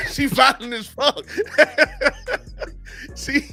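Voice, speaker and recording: A man's voice: very high-pitched, wildly swooping pitch, extremely slow, pushed and bright, soft background music. A man co-hosting a casual podcast, telling a wild drinking story with lots of slang, laughing as he goes. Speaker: podcast co-host.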